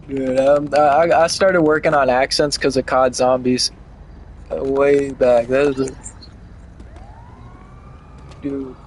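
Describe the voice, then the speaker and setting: A man's voice: mid-range voice, flat delivery, takes it slowly, pauses often, a little mellow, a little hiss or hum, rough recording. A young man streaming a game, chatting casually and rambling with lots of "like" and swearing. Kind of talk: casual gaming stream chat.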